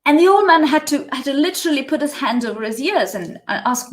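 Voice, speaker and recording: Woman storyteller, higher voice, slow and measured, echoey room. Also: expressive. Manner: measured, with restarts and asides. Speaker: spiritual teacher. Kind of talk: storytelling in a live session. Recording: roomy echo.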